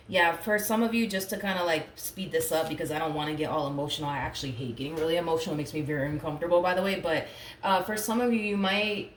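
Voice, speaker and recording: This tarot reader has a deep voice and talks casually, full of fillers, mentioning she doesn't like getting emotional. The room is echoey, and there's slight background noise.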